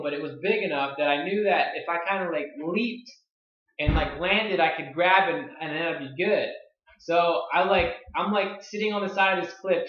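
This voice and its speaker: A man in his early twenties telling a story to camera in a casual, excitable way, full of "like" fillers. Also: fairly high pitch. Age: 20s. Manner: excitable, filler-heavy, lots of "like". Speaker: online marketing vlogger. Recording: roomy, dull lo-fi sound.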